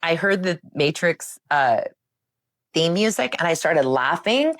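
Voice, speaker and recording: A woman guest in a casual interview, telling a personal story in an animated way, often laughing and breaking off to restart her sentences. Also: fairly low pitch, measured pace. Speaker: podcast guest.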